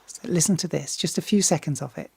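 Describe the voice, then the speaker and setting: A woman's voice: low-pitched, fast talker, creaky, darkish tone, breathy edge, dry recording, in a whisper. A woman singer talking casually as she reacts to a music video, often restarting and repeating words, swearing freely and getting enthusiastic.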